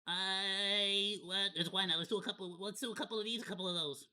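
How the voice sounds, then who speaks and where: A man's voice: high-pitched, racing, pushed and bright. A man streaming a watch party, rambling through casual commentary in a candid, loosely profane way. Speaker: VTuber streamer.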